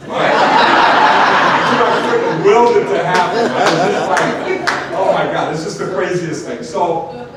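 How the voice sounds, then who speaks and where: A man giving a motivational talk to an audience, telling stories with animated asides. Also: high voice. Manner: storytelling, animated, many asides like "right?". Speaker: motivational speaker. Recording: echoey hall from far off, noisy.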